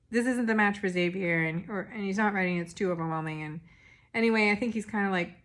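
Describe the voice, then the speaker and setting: A woman's voice: medium pitch, fairly bright tone. Woman, young adult, casual recap host, chatty, rambling, filler-heavy.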